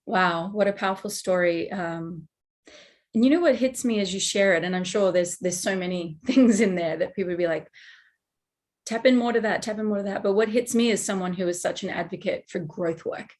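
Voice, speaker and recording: A woman's voice: fairly low pitch, fairly quick, darkish tone. A woman hosting a podcast, effusive and reflective in her replies. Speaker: podcast host. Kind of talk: conversational interview.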